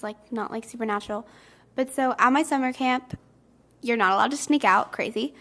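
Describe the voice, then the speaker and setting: A teenage girl on a youth radio team telling a story in an animated way, full of "like". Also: a little high. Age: teens. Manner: animated, lots of "like". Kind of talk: casual storytelling.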